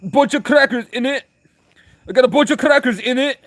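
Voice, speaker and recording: A man's voice: very high voice, fairly quick, no room sound, voice pushed up. A man voicing a flustered, prissy English colonist who frets in fussy exclamations.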